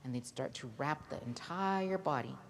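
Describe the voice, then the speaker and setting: Low-voiced woman telling a Bible story to kids. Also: normal speed, gravelly. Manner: lively, asks the children questions. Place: church hall. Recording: reverberant hall, faint noise.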